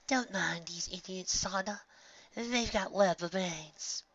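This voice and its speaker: A gentle young woman with a soft, hushed voice, as a male reader puts her on. The tone stays bright yet quiet, on a dull, lo-fi recording. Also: high-pitched, slow, dry recording, pitched above the performer's own voice, heavily acted. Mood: concerned. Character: calm young woman, gentle best friend.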